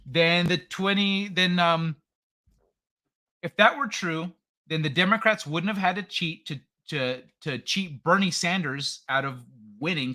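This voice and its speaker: Man, livestream host, bright edgy voice, somewhat high, rambling, swearing, casual chat. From California. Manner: rambling, swears freely, reacts to chat messages.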